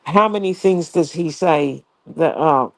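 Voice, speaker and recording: Creaky-voiced woman, chatty political co-host. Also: low-pitched, measured pace, dry recording. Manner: chatty, restarts and filler, laughs easily. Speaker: co-host of a political talk show. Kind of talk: casual political commentary.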